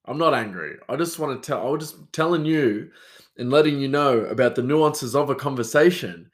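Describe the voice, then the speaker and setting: A man's voice: medium pitch, moderate pace. A man, hosting a solo podcast in a rambling, self-mocking chat that answers itself. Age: 30s. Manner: rambling, self-mocking, talks back to himself. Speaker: podcast host.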